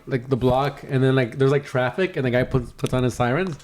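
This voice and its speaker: A man's voice: medium pitch, brisk, a little mellow, a little hiss or hum. A young man co-hosting a podcast, telling a long story in a casual chat, swearing often and acting out the voices of the people in it. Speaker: podcast co-host.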